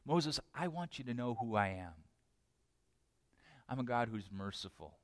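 A man's voice: medium pitch, expressive, measured pace, dry recording, big-room sound, pitched below the performer's own voice. A man voicing God, earnest and tender.

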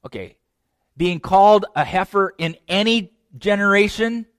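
A man preaching a sermon, retelling a scripture story with lively acted-out lines and direct asides to his listeners. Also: high voice, measured pace, smooth, no echo, studio quality. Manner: animated storytelling, acts out voices; direct address to young men. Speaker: pastor.

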